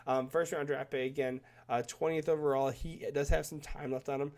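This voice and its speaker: A man's voice: a little high, level tone, brisk, darkish tone. A man with a cold and a stuffed-up nose, talking casually and enthusiastically through stats on screen, often restarting his sentences. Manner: rambling, self-correcting, enthusiastic. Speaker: hockey commentator. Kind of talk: casual screen-share commentary.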